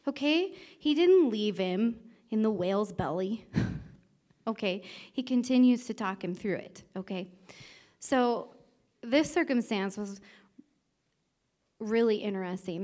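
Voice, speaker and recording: A woman preaches a casual sermon, telling a personal story in a chatty, conversational way with a mid-range, unhurried, darkish voice. She laughs lightly and often checks in with listeners by asking "okay."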